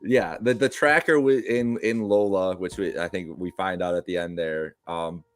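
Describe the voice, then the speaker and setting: A man co-hosting a podcast, rambling and thinking out loud in casual chat. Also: low voice, normal speed, faint music behind. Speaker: podcast co-host.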